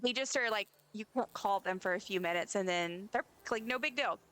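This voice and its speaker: A woman's voice: mid-range voice, fairly quick, fairly bright tone, clear, resonant tone. A woman streamer chatting casually while playing a game, giggling and talking to the characters on screen. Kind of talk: casual gameplay chat.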